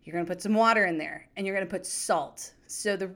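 A woman in her thirties hosting a podcast, telling stories in a chatty, animated way. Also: fairly low pitch, brisk. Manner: chatty, animated, acts out quoted voices. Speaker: podcast host. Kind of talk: casual storytelling chat.

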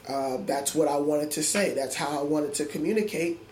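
In an echoey room with faint ambience and a little hiss or hum, an adult man gives an interview. A middle school music teacher, he talks earnestly and reflectively at a normal speed, his voice on the high side with a darkish tone, and he often restarts his sentences.

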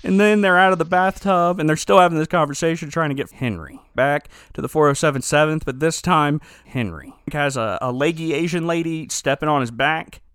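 A man hosting a podcast, telling stories in a casual comedic chat with animated, rambling energy. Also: on the high side, brisk, few pauses, smooth, no echo, studio quality. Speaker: podcast host.

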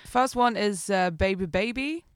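A woman's voice: mid-range voice, measured pace, clear, resonant tone, dry recording, studio quality. Giggly woman chatting as a guest. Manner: bubbly, giggly, rambling. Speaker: podcast guest, musician. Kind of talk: casual chat.

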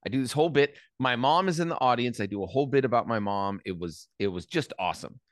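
Male interviewer, loose rambling anecdotes, average pitch; dry booth sound. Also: lively intonation, fast talker, dry recording. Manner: rambling, restarts, swears when worked up. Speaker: interviewer, host. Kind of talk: casual chat and anecdote.

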